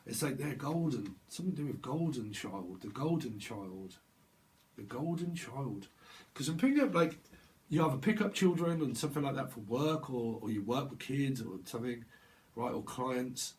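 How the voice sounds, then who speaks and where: A man's voice: medium pitch, lively intonation, moderate pace, slight background noise. A man giving a casual tarot reading on camera, rambling and playing with words. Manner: rambling, playful wordplay, laughs often. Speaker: tarot reader.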